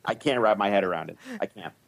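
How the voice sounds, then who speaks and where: A man on a casual panel, throwing in quick joking remarks. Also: fairly low pitch, vocal fry.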